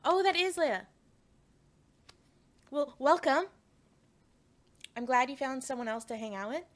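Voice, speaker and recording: A young woman from Canada with a fairly high voice, chatting casually on a stream. She rambles, laughs often, restarts her sentences and talks straight to her chat. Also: lively intonation, a little slow.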